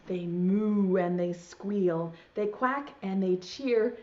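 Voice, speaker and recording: A woman's voice: medium pitch, takes it slowly, hardly any pauses, a little mellow. A woman teaching preschool online, reading a storybook aloud in a sing-song voice and talking straight to young children. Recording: dull lo-fi sound.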